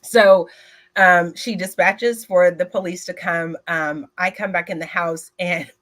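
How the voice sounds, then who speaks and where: A woman tells a lively personal story at a retreat, speaking directly to the audience with many filler words, in a lowish voice that runs a little slow.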